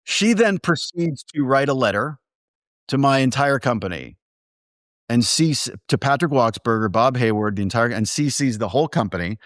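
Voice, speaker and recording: Man telling lively producer anecdotes. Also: mid-range voice, normal speed, dry recording, clean studio sound. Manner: animated anecdotes with quoted dialogue. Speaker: film producer, guest. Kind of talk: casual storytelling interview.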